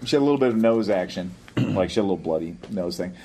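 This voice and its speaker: A man's voice: sits low, lively intonation, rapid-fire, warm tone. An older man in casual podcast chat, telling a long story in a rambling way and chuckling often. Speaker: podcast co-host.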